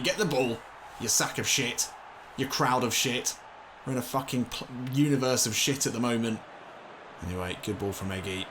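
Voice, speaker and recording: Young guy doing lets play commentary, normal pitch, gets fired up and swears, bit of faint noise behind. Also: a little fast. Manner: excitable, swears when frustrated, shouts at the game. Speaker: gaming commentator.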